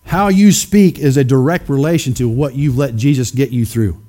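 A man's voice: medium pitch, normal speed, warm tone. A man preaching a sermon, emphatic and questioning his congregation directly. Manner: acts out skeptics in mocking voices.

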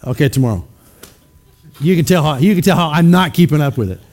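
A man's voice: on the high side, animated, fast, darkish tone. A man preaching a sermon, emphatic and questioning his congregation directly. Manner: acts out skeptics in mocking voices.

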